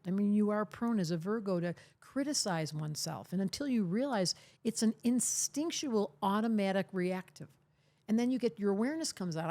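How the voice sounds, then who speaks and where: With a warm, mid-range voice, this older woman is an astrologer being interviewed as a podcast guest. She speaks with emphasis and a teasing edge, often imitating the people she quotes.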